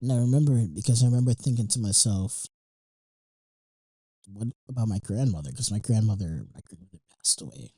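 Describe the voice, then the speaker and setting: A man's voice: fairly low pitch, animated, fast, few pauses, warm tone, no room sound, poor audio. A young man hosting a podcast, talking in a rambling, emotional way with lots of fillers, restarts and swearing. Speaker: podcast host. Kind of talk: casual monologue.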